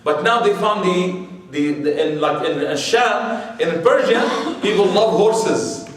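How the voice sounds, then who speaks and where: High-voiced man lecturing in a very echoey hall. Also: slow, crowd noise. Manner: chatty and digressive, with many "you know" and rhetorical questions. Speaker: Islamic lecturer. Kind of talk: religious history lecture to an audience. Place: large room with a live audience. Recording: very echoey hall, mic far off.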